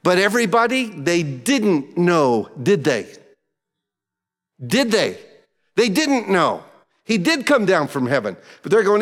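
Man, pastor, lively sermon delivery, higher voice, long hall reverb. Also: takes it slowly. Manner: animated, acts out grumbling voices. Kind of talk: verse-by-verse sermon.

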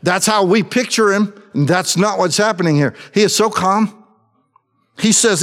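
A man preaching a sermon, talking in a conversational way and dropping in quick asides. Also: high-pitched, a bit bright. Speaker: pastor.

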